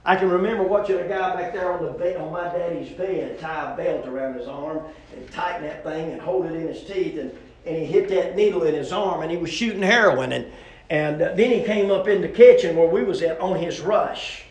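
A man's voice: on the high side, brisk, darkish tone, reverberant. A middle-aged man, preaching a sermon with a repetitive, emphatic cadence and personal stories.

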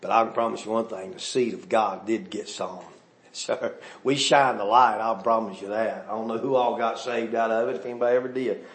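A man, a pastor preaching a sermon, telling folksy stories that rise into shouts. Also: fairly low pitch, fairly even intonation, brisk, roomy sound, slight background noise. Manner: folksy storytelling, rising to shouts.

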